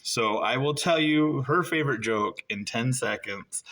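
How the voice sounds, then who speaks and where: A middle-aged man doing stand-up storytelling, jumping high in pitch when he acts out dialogue. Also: a little slow. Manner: animated, jumps high when acting out dialogue. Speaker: stand-up comedian.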